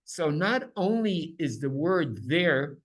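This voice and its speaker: Taking things slowly in a slightly high voice, a man leads a Bible class with animation. He stresses points by repeating words and keeps asking his listeners questions.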